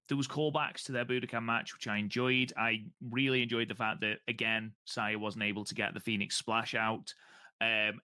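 Man, podcast co-host, bright forceful voice, teasing and blunt, dry mic. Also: medium pitch, smooth, dry recording. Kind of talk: casual chat.

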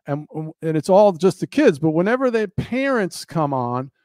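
A man with a high voice delivers an earnest monologue in a preacherly cadence. He repeats his key phrases for emphasis. The sound is dry and close. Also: sing-song, moderate pace, darkish tone, no echo. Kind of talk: impassioned monologue.

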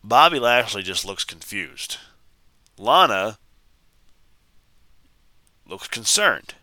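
Podcast guy ranting thru a wrestling recap, low voice but real bright and tense, dry close mic. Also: very animated, slow, no room sound. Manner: exasperated, rambling retelling with restarts. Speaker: podcast host.

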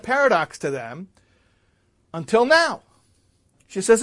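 Male rabbi, high voice, storytelling sermon, loud emphasis then hushed asides. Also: big pitch swings, normal speed, long pauses.

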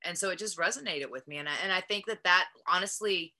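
A woman's voice with a bright, forward ring and a slightly low pitch. She is middle-aged and talks casually and animatedly, peppering her stories with "like". She slips into quoting her past self as she goes. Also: fast talker. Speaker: wrestler and guest. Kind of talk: casual interview storytelling.

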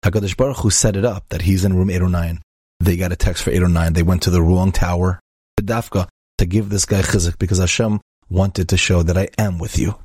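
Rabbi storyteller, male, deep husky voice, dry close sound, acts out the characters' lines. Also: fairly even intonation, fairly quick, a little mellow, no room sound. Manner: peppers speech with Hebrew and Yiddish words. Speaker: rabbi and inspirational speaker. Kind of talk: storytelling talk.

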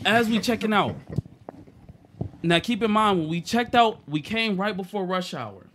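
A young man with a high, bright voice tells a story on a podcast. He talks in an animated, profane way, getting loud and then dropping low. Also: normal speed, slight background noise. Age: young adult. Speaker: podcast co-host. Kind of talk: casual storytelling.

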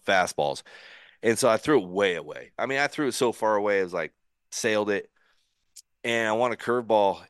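Low-voiced man telling a lively story. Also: no echo, studio quality. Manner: animated, acts out his own thoughts in quotes, frequent restarts. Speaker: podcast guest, former pitcher. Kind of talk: casual storytelling.

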